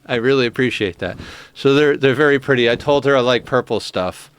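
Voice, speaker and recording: A man's voice: medium pitch, brisk, clear, resonant tone, no echo. A man streaming a game, chatting casually with his viewers in a heartfelt, emotional way. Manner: heartfelt, soft-spoken, emotional.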